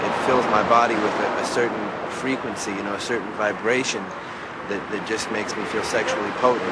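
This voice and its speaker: A man with a fairly low voice talks slowly and thoughtfully, open and unguarded as he describes what he feels on stage. Loud traffic noise from outside runs under everything he says. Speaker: singer. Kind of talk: candid interview.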